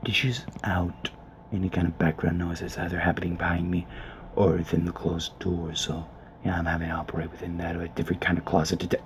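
Man, low monotone whisper, profane muttered gameplay commentary from a closet. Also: brisk. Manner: hushed, grumbling, profane. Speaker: let's player. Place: small closet. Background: faint background noise.

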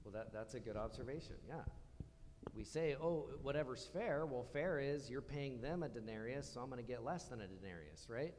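A man preaching in a church, talking to the room in a relaxed, conversational way and putting questions to the congregation. His voice sits at an ordinary pitch and carries a long reverb from the hall, with a faint hum underneath. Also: a little fast. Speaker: pastor. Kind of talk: sermon.

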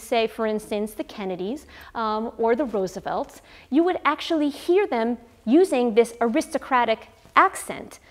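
A woman linguist giving a clear, measured educational explanation. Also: a little high.

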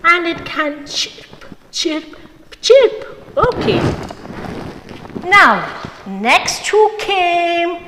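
A woman's voice: very high voice, very animated, extremely slow, pauses often. A woman teaching an English lesson to young children, asking the class questions and spelling words out letter by letter. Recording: echoey room, loud background noise.

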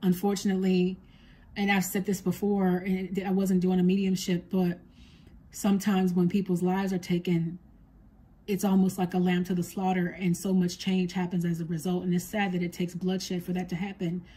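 Husky, low-key woman giving a psychic reading. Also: monotone, normal speed. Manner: soft and earnest, relays a spirit's words. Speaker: psychic medium. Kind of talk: spoken psychic reading to viewers.

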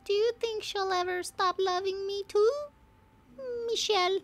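Little boy, sad and soft-spoken, very high child voice, a woman doing the voice. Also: fairly even intonation, measured pace. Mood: wistful. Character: young boy writing a sad letter.

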